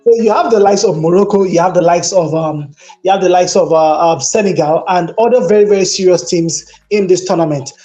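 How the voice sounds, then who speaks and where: A man's voice: high voice, a little fast, warm tone. A man, debating football as a pundit and telling stories with emphatic exasperation. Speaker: sports pundit. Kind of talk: animated sports debate.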